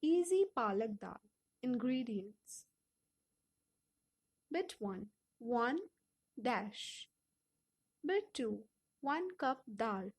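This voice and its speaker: A woman with an Indian English accent reading textbook exercises aloud for an audiobook, slow and deliberate. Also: fairly high pitch, very animated, slightly rough. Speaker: audiobook reader.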